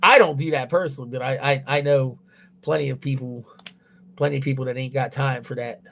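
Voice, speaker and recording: A man's voice: medium pitch, steady tone, a little fast, vocal fry, fairly bright tone, slight background noise. A young man chatting on a livestream, crude and blunt, swearing constantly and rambling loosely with restarts. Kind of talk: casual livestream chat.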